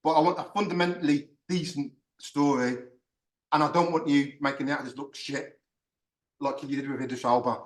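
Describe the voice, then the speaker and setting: A man ranting in a casual podcast chat, swearing often and getting animated. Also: fairly high pitch, fairly quick. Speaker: podcast host. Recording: echoey room, far from mic.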